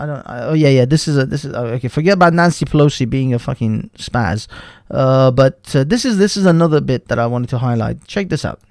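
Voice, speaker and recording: A man with a fairly high voice runs a live stream, ranting hotly and swearing freely. His sentences stop and restart as he goes. The sound is dry and close, with no room around it. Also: darkish tone, no room sound. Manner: profane, heated, interrupts himself. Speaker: livestream host.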